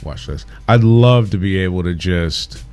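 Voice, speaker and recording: A man's voice: low-pitched, unhurried, darkish tone, clear, resonant tone, soft background music. A man co-hosting a podcast, teasing his partner and laughing at his rant. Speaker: podcast co-host. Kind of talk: casual podcast chat.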